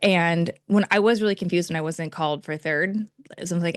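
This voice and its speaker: A woman in her thirties telling an animated story as a guest on a video call, acting out her own reactions and laughing often. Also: on the low side, fast, clear, resonant tone, dry recording, clean studio sound. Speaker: pageant titleholder guest.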